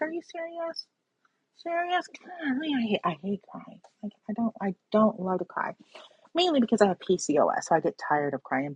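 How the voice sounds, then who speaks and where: Woman, very husky breathy voice, dry close sound, earnest reflective monologue, dull lo-fi recording. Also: on the low side, no room sound. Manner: earnest, spiritual, peppered with "right?" and "you know".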